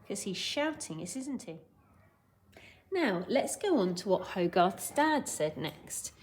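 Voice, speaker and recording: Woman teacher, lively intonation, clear step-by-step dictation. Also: medium pitch, measured pace, slight background noise. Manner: clear, dictating sentences word by word. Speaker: primary school teacher. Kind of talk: recorded classroom lesson.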